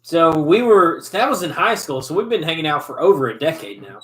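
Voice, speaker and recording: A man's voice: on the high side, very animated, brisk, a bit bright. Laid-back young man in an echoey room. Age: 20s. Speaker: host. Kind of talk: casual chat over drinks.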